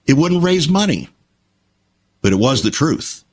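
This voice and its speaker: An older man telling stories and reflecting in an emphatic, measured conversational way. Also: a little high, sing-song.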